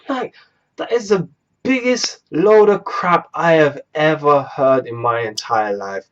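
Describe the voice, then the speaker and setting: Animated young storyteller. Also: male voice, a little high, a little slow. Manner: animated, exasperated, swears freely. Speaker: vlogger. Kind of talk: storytime vlog. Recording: dull lo-fi recording.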